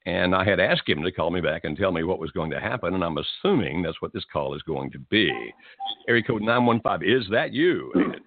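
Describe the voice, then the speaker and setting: Call-in advice host: man, low gravelly-husky voice, lively rise and fall, gentle and reassuring, tinny dry phone-band sound. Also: fairly quick, no room sound. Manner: gentle, reassuring, calls people "my friend". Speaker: radio call-in host giving marriage advice. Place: Tennessee.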